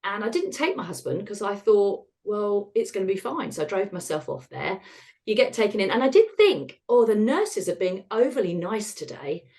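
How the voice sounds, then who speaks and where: A woman's voice: medium pitch, very animated, moderate pace, dark tone. A middle-aged British woman, a retired osteopath, telling her own story frankly and wryly in an interview, acting out bits of dialogue. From United Kingdom. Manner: frank, wry, acts out dialogue in quotes.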